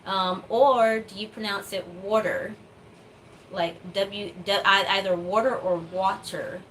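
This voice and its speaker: Slow-talking woman chatting casually to viewers. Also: medium pitch, fairly even intonation, fairly bright tone, a little hiss or hum. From United States. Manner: rambling, laughs, many fillers. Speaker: doll customizing vlogger.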